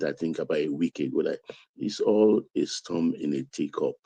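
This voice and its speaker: A Nigerian-accented man talking politics in a low, dark voice. He drives his points home with emphatic repetition. The sound is dry and close. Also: no echo. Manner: emphatic, building to raised intensity. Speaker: political commentator. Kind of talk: political commentary.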